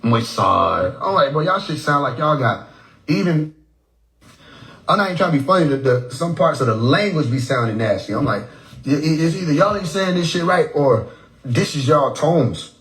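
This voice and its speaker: A man runs a relaxed phone livestream with profanity and jokes, repeating words to copy how others pronounce them. His fairly high voice sounds animated and a bit bright at a normal speed, and the recording quality is low.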